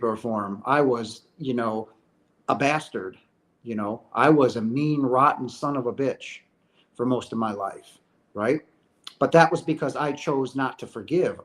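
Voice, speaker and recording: A middle-aged man hosting a question-and-answer video, speaking in an earnest, emphatic way and often checking in with "right?". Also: medium pitch. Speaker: host answering viewer questions. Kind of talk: casual spiritual talk.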